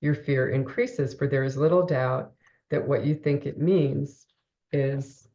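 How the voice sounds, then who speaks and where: A woman's voice: very deep voice, a little slow, mellow, muffled recording. A woman co-hosting a reflective spiritual conversation, thinking aloud with many fillers and restarts. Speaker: co-host discussing a spiritual text.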